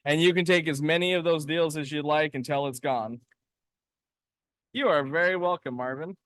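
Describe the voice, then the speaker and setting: A man's voice: on the high side, moderate pace, fairly bright tone, clean tone, no echo, studio quality. A man co-hosting a casual live stream from a lapidary shop, upbeat and chatty as he answers viewers. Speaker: co-host of a live rock-cutting stream.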